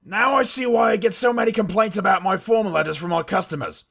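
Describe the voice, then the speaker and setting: A man's voice: sits high, quick pace, gravelly, fairly bright tone, exaggerated voice. A man voicing a brash, boastful Australian company boss who reads out fan mail in character with a blustering, self-important manner. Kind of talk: comedic mail reading in character.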